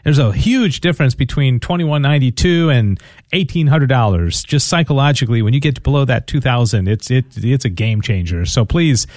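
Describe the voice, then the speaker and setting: A man's voice: medium pitch, animated, a little fast, darkish tone, no room sound. A man co-hosting a radio pledge drive, earnestly asking listeners to donate, often repeating and restarting his words. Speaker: radio fundraiser co-host.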